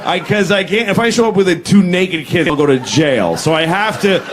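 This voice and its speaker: A man performing stand-up, delivering wry, deadpan complaints. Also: high-pitched, moderate pace. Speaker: stand-up comedian. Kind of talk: stand-up routine.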